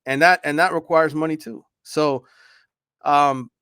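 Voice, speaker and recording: A man's voice: fairly high pitch, steady tone, measured pace, a bit bright, clean tone, no room sound, studio quality. A man, a sports reporter, talking frankly and conversationally on a radio show, with frequent restarts. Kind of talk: casual on-air sports talk.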